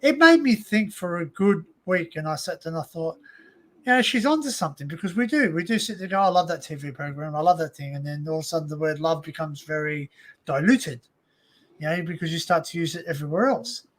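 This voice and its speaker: An Australian man hosts a casual live stream from home, speaking into a desk microphone. His voice sits a little high for a man. He rambles and circles back, leaning on "you know" and "like" between his points. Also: lively intonation, a little fast, fairly bright tone. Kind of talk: casual chat.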